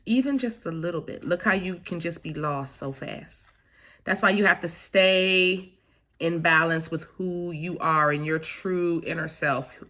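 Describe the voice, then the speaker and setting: A woman who reads tarot, unboxing a deck in a casual vlog, gushing and effusive as she talks straight to her viewers. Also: on the low side. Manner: gushing and effusive, with soft exclamations; talks directly to viewers, calling them guys and baby. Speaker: tarot reader and spiritual vlogger.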